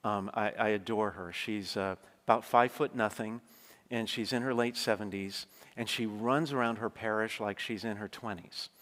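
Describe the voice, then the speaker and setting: A man's voice: on the low side, steady tone, normal speed, fairly bright tone. A man giving a conversational sermon, telling stories and often checking in with his listeners with asides. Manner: conversational storytelling, frequent asides to the congregation. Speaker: preacher. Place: large church. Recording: long church reverb.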